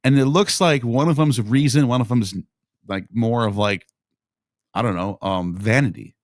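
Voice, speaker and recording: A man's voice: mid-range voice, normal speed, dry recording, studio quality. A man as a podcast guest in casual discussion, thinking aloud in meandering explanations.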